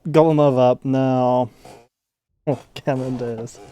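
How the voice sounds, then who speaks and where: A man's voice: mid-range voice, steady tone, slow, dark tone, smooth, no room sound, highs cut off. A man playing a tabletop game, talking in an offhand and profane way. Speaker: player. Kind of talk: casual chat over a tabletop game.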